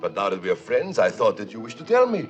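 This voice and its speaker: An actor playing a fussy, wheedling middle-aged fixer who fawns and leaps high in protest, from a 1950s film soundtrack. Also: male voice, wildly swooping pitch, fast, highs cut off, soft background music. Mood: fussing. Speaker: scheming fixer who keeps a bill.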